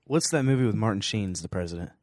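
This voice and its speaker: Man asking quick questions, dry mic. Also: fairly low pitch, expressive, darkish tone, no room sound. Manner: short questions and quick remarks. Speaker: podcast co-host. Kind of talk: casual chat.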